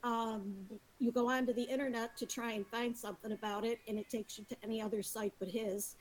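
A woman phones in to a talk show and chats casually in a quiet, soft-spoken way. She keeps her volume down the whole time, and her voice sits slightly high for a woman. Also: flat delivery, a little fast, slight background noise. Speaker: caller.

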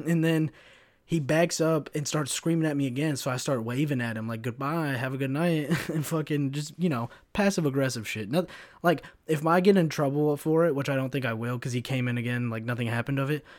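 A man in his twenties hosting a podcast, telling a story in a profane, sarcastic and animated way. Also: mid-range voice, fairly quick, no echo. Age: 20s. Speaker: podcast host. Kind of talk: casual storytelling monologue.

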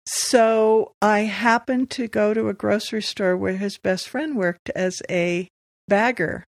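A woman's voice: medium pitch, slow, creaky, no echo. Laughing storyteller woman, dry close sound. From Southern California. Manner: lively, laughs often while telling stories. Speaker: guest. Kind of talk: storytelling in conversation.

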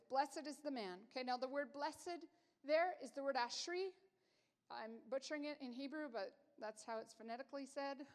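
Earnest woman preaching in a reverberant hall. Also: high voice. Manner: earnest, emphatic, conversational with fillers and restarts. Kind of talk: sermon.

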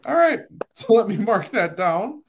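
Man podcast host, lively pitch, slightly high, laughs easily, casual banter. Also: measured pace, background noise. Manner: animated, laughing, self-deprecating. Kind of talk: casual sports podcast chat.

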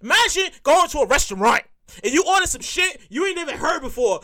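Woman podcast comic, high bright voice, lively and profane, repeats herself. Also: a little fast. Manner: profane, animated storytelling with repeated phrases. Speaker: comedian host. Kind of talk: stand-up style podcast monologue.

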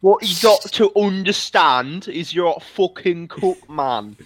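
A man's voice: high voice, animated, slow, pitched above the performer's own voice. A man putting on a sneering, foul-mouthed British lad. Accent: mock British. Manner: sneering, swears constantly. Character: crude mocking British lad, insulting.

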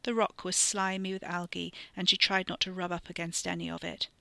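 A podcast storyteller reading a horror story in a steady, measured way, sometimes dropping into a whisper. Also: mid-range voice, vocal fry, dry recording. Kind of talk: scripted narration of a horror story.

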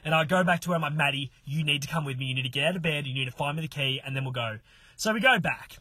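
Bright, husky young man. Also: on the high side, rapid-fire, no echo. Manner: animated, laughs often, swears freely. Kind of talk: casual comedic storytelling.

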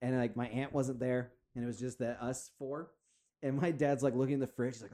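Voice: medium pitch, fairly even intonation, fast, mellow. A podcast co-host in casual chat, telling a story with dry quips, swearing and acted-out quotes of relatives.

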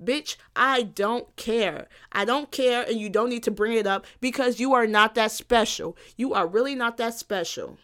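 A young woman with a high voice tears into her topic in a solo podcast rant. She is profane, exasperated and sarcastic, talking alone in a room. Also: normal speed, a bit bright. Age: young adult. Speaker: podcast host.

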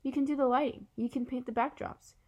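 A woman's voice: sits high, steady tone, fairly quick, warm tone, dull audio, pitched above the performer's own voice. A woman voicing a chatty, eager schoolgirl, talking with gushing emphasis while reading a novel aloud. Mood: helpful. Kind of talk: audiobook character reading.

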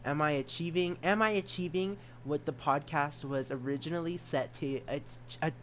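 A man's voice: a little high, moderate pace, fairly bright tone, slight background noise. Young dude w a stutter rambling on his podcast, giggly, makes fun of himself. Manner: rambling, giggly, self-mocking. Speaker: podcast host. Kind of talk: solo podcast chat.

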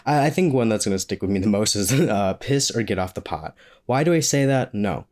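A man's voice: lowish voice, expressive, a little fast, darkish tone. A young man talking in a casual question-and-answer vlog, rambling and joking with frequent laughs. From Maine, US. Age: young adult. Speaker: vlogger.

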